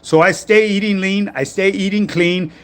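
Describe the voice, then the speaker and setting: A man's voice: sits high, steady tone, normal speed, clean tone. A middle-aged man, hosting a casual fitness livestream, reading viewer comments in a laid-back manner full of street slang. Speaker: fitness coach livestream host.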